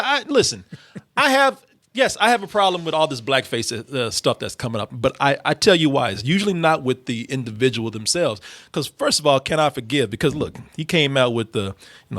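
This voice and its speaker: A man's voice: medium pitch, lively intonation, brisk, fairly bright tone, no echo. A man hosting a casual commentary talk show, speaking emphatically with many restarts. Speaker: show host.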